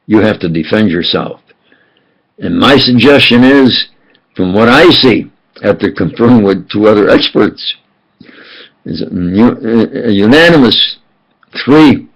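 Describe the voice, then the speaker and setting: A man in his eighties in a rambling, aggrieved monologue, halting and repeating himself. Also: fairly low pitch, expressive, breathy edge, highs cut off. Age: 80s. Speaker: self-published speaker.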